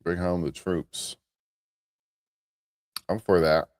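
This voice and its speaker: A man with a deep, low American voice rambles through a casual morning stream, restarting sentences and laughing at his own asides. The sound is close and dry, with no room around it. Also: level tone, slow pace, no echo. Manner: rambling, restarts, chuckles at himself. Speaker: host of a live morning commentary stream.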